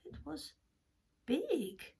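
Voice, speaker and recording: A woman's voice: high voice, wildly swooping pitch, very slow, gravelly, warm tone. A woman telling a children's story, dropping into dramatic whispers and gasps.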